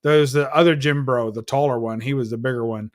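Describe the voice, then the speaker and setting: A man's voice: mid-range voice, steady tone, fast, a little mellow, no room sound, studio quality. Profane man telling a heated story. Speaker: host. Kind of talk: casual chat.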